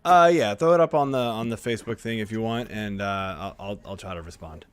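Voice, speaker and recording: A man co-hosting a sports podcast, talking in animated casual chat, laughing and restarting his sentences. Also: fairly low pitch, brisk, a crowd in the background. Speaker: podcast co-host.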